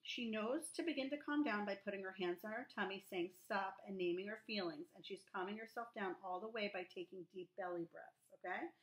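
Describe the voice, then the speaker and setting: A woman teaching young children, sounding out words slowly and repeating them in a sing-song way. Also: mid-range voice, echoey room. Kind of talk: remote lesson for young children.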